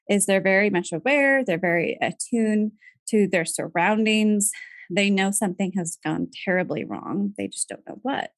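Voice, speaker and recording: A woman in her thirties, a podcast guest, telling a personal family story in a soft voice and laughing through tears. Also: medium pitch, no room sound.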